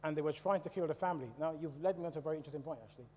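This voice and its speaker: Man from the West Indies telling his story to a congregation in a chatty way; warm, somewhat high voice in a hall with long reverb. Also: racing, a little hiss or hum. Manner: conversational, asks the audience questions. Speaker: church speaker. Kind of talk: testimony talk to a congregation. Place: church hall.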